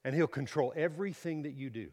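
A middle-aged man preaching a sermon, emphatic, swinging from quiet to loud and repeating words. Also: on the high side, quick pace, in a large hall.

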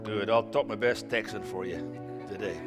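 A man in his fifties, a guest preacher giving a sermon in a church, joking and telling stories with big swings in loudness. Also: lowish voice, normal speed, loud music behind the voice. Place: church sanctuary. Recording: long reverb of a church hall.

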